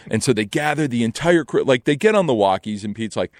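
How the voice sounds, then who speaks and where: A young adult man telling a casual story in an animated way, acting out other people's lines. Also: medium pitch, fairly quick, no room sound, clean studio sound.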